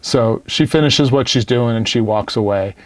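A man's voice: medium pitch, normal speed, no echo. A man telling a story in casual chat, blunt and full of swearing. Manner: profane, animated, blunt.

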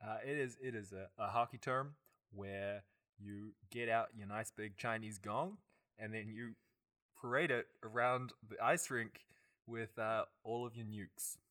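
A man co-hosting a comedy podcast, firing off deadpan one-liners. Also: on the low side, unhurried. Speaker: podcast co-host.

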